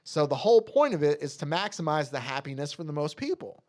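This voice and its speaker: Male podcast co-host, slightly high voice, loose chatty recap style with many fillers. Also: big pitch swings, fast, a little mellow. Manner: retells comic scenes, quoting characters in his own voice; many fillers like "like" and "you know". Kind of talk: casual chat.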